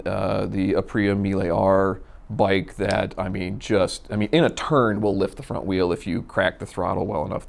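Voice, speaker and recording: A man from Minnesota telling a personal story in a casual, animated way, acting out the dialogue. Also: lowish voice, creaky. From Minnesota, USA. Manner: animated, acts out quoted dialogue. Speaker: storyteller guest.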